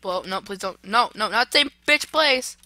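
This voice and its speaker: A young woman hosting a casual game playthrough, excitable, swearing and yelling at the game. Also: mid-range voice, measured pace, no echo. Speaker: gaming channel host. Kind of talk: casual let's-play chat.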